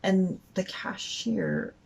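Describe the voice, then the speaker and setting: A woman's voice: mid-range voice, huge pitch swings, extremely slow, gravelly, darkish tone, slightly rough, low-quality recording. A woman telling a story casually, rambling with lots of fillers. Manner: rambling, full of "like" and "um".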